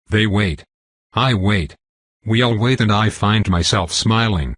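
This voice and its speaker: Man, audiobook narration, husky, low, dry close sound. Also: measured pace, fairly bright tone, no echo. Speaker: audiobook reader. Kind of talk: first-person novel narration.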